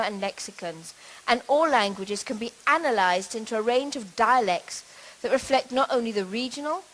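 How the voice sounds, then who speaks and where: A middle-aged woman gives a lecture at a conference, her voice sitting a little high. She explains points in a measured, steady way, now and then restarting a phrase. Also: poor audio. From Britain. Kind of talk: conference talk on language.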